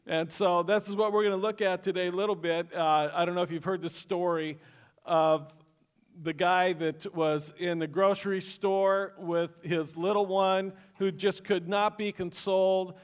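High-voiced man preaching a sermon. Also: clear, resonant tone. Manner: conversational preaching with jokes and questions to the congregation; repeats key phrases for emphasis. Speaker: pastor.

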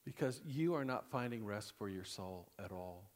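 A male pastor preaching a sermon, animated and conversational, jumping between loud exclamations and hushed, intimate passages, often laughing through his lines. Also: fairly low pitch, normal speed. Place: church sanctuary. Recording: long hall reverb.

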